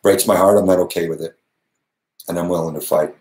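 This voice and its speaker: A man with a fairly low voice talks earnestly and with emphasis, as if he is answering critics live. He laughs briefly and restarts his sentences now and then. The sound is roomy, with a clear echo around him. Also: steady tone, brisk, darkish tone. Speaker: channel host. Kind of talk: live Q&A monologue.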